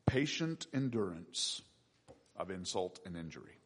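A man preaching a sermon with emphatic delivery and sudden loud peaks. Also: deep voice, big pitch swings, a little slow, husky. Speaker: pastor.

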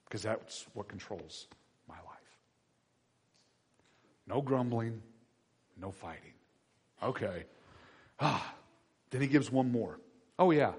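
A man preaching a sermon to his congregation, asking them questions and swinging between loud shouted passages and quiet low ones. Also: breathy edge, long reverb tail. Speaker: pastor.

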